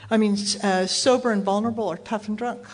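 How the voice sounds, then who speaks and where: A woman's voice: medium pitch, fairly even intonation, brisk. A woman from Texas speaking at a recovery meeting, telling a candid, self-mocking personal story to an audience.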